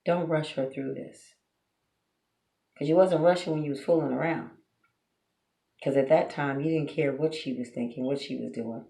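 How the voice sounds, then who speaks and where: A woman delivers a blunt, preachy advice monologue, firing off rhetorical questions at her viewers. Her voice has a gravelly, fry-edged texture. She sounds like she is in a roomy space with a noticeable echo. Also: sits low, fairly even intonation, moderate pace, long pauses, dark tone. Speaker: relationship advice vlogger. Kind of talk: direct-to-camera advice monologue.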